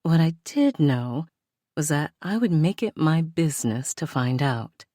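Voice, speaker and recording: A woman reading a first-person romance novel aloud in a sultry, unhurried narration. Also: low voice, animated, warm tone, no echo, studio quality. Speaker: audiobook narrator.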